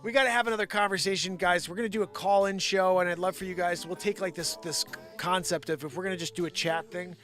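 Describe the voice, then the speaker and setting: A man's voice: sits high, fairly even intonation, fast talker, hardly any pauses, a bit bright. A man hosting a live show and rambling jokily, often sliding into impressions. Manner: rambling, jokey, slips into impressions. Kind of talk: improvised comedic livestream rambling.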